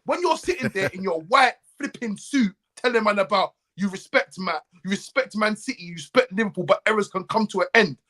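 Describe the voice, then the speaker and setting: A man's voice: high-pitched, a little fast, few pauses. A man co-hosting a football podcast, ranting in heated casual chat and mimicking other fans. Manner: animated and ranting, mimics other fans' voices. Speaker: co-host.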